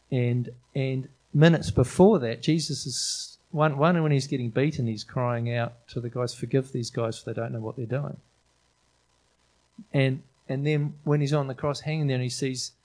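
A man's voice: mid-range voice, darkish tone, poor audio. A middle-aged man preaching an informal sermon in a chatty, enthusiastic way, often restarting his sentences. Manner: conversational, enthusiastic, frequent restarts and fillers.

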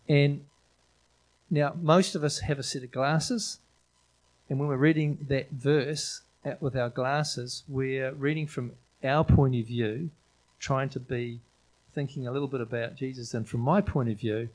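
A middle-aged man preaching to his congregation in a loose, conversational style. He sounds eager and keeps circling back on his words with fillers and restarts, at an ordinary mid pitch for a man. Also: fairly even intonation, unhurried, rough recording. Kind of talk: informal sermon.

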